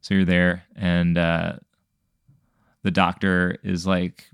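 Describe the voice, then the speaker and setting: Deep gravelly man in casual chat. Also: monotone, dry recording, studio quality. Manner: rambling, halting, lots of "like" and "uh". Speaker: host posing hypotheticals.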